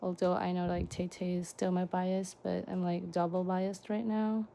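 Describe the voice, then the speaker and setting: A young woman vlogger unboxing fan merchandise in casual chat, gushing and excitable with frequent gasps and exclamations. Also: fairly low pitch, moderate pace, vocal fry, slight background noise.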